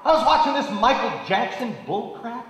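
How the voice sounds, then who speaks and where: A middle-aged man giving a sarcastic, animated live stage monologue, mocking people by putting on their voices. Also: very high-pitched, moderate pace, heavy background noise. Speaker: political commentator on stage. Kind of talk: live stand-up style monologue. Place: large auditorium stage. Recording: echoey hall audio from far off.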